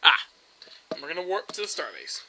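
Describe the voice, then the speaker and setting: Young male let's-play host, high bright voice, chatty and rambling, faint hiss behind. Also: big pitch swings, a little fast, low-quality recording. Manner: rambling, chatty, with frequent fillers and restarts. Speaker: gameplay commentator. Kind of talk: casual let's-play commentary.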